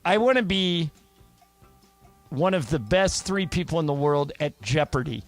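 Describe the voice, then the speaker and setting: A man's voice: a little high, animated, a little slow, soft background music. A middle-aged man co-hosting a sports talk radio show, telling a story in a conversational way. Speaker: radio co-host.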